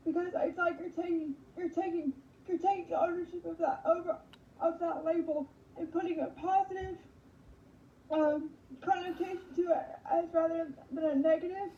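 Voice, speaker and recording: A woman guest on a radio interview, speaking slowly and haltingly, repeating words as she goes. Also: very high-pitched, fairly even intonation, dark tone, echoey room, dull audio, a little hiss or hum. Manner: halting, repeating words, slow effortful speech. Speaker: podcast host as guest. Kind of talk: casual interview answers.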